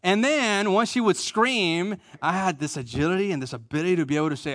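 A middle-aged pastor delivers a conversational sermon, repeating key phrases for emphasis and poking fun at himself. He drops soft and low for the tender moments, speaking a little fast with few pauses and no echo.

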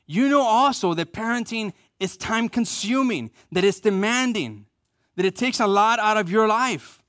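Higher-voiced middle-aged male pastor preaching. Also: expressive, normal speed, a bit bright, no echo, clean studio sound. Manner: repeats key phrases for emphasis, self-deprecating humor. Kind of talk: conversational sermon.

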